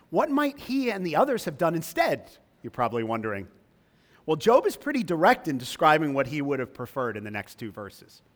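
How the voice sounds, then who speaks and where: A man preaching a sermon, emphatic, his voice rising high when he reads scripture aloud. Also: a bit bright. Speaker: pastor. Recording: long reverb of a large hall.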